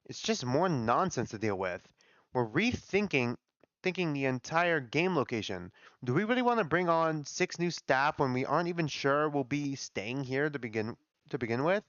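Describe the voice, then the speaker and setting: A man's voice: a little high, sing-song, normal speed, fairly bright tone, no room sound. A man reading as a curt, dismissive doctor. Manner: curt, listing objections. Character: blunt, dismissive male doctor arguing against hiring. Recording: dull lo-fi dry audio.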